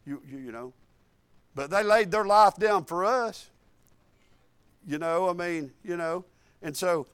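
A male preacher, delivering a sermon with repeated emphatic phrases and quiet, confiding asides. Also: high voice, dry recording.

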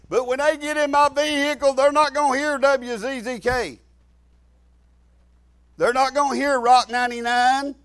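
High-voiced preacher, folksy and loud. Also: male voice, a little slow, pauses often, smooth. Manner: folksy, repetitive, with sudden shouted emphasis. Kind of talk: sermon.

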